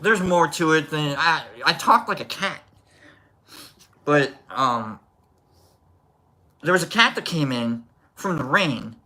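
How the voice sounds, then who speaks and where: Bright-sounding streamer rambling through a story, says hi to chat a lot. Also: mid-range voice, lively intonation, takes it slowly, pauses often. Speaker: live stream host. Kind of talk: casual live stream chat.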